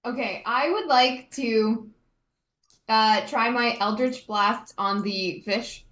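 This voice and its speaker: A woman's voice: a little high, slow pace, a bit bright, reverberant. A woman playing a tabletop game, hesitant and full of fillers as she works out her turn. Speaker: player. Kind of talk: tabletop role-play.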